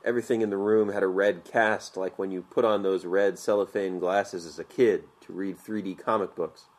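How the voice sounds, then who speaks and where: A man narrating an audiobook in a measured, vivid storytelling manner. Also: sits low, steady tone.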